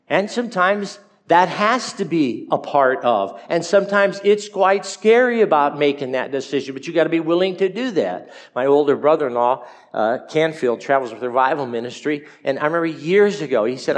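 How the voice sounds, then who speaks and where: A man preaching a sermon as pastor, telling folksy stories with jokes and slowing down to stress his points. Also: fairly high pitch. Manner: storytelling, folksy and joking.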